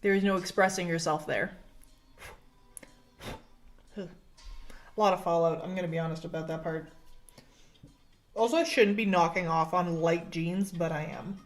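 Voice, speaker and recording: A young Canadian beauty vlogger chats casually while doing her makeup at home in a get-ready-with-me video, self-deprecating and saying "like" constantly. Her voice is lowish and fairly even, at a normal pace with frequent pauses. Soft music plays faintly in the background, and the audio is poor.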